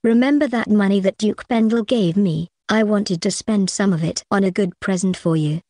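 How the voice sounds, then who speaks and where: A woman's voice: mid-range voice, normal speed, dark tone, no echo, studio quality, lightly acted. A woman voicing a wary young man who talks his way out of danger, in an audiobook. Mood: placating. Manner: careful, placating. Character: wary, scheming young man narrator-hero.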